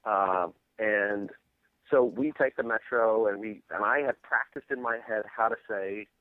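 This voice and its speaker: A man's voice: on the low side, unhurried, no echo. A man guesting on a podcast, telling a long rambling story in a casual chat over a phone line.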